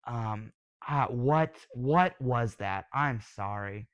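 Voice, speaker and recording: A young man giving a casual, excitable review as a video host, gushing and sometimes yelling. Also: medium pitch, very slow, smooth, dry recording, highs cut off. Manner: excitable, gushing, yells when thrilled. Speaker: YouTube reviewer.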